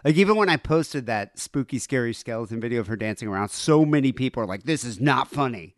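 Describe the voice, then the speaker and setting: A man co-hosting a podcast, talking in quick, provocative casual banter. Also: medium pitch, animated, dry recording, clean studio sound. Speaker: podcast co-host.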